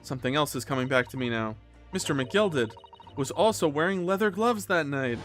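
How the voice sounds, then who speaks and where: With soft music in the background, a man streams a video game, reading its dialogue aloud, joking around, and correcting his own slips. His voice is a little high and fairly bright, with lively intonation at a normal speed.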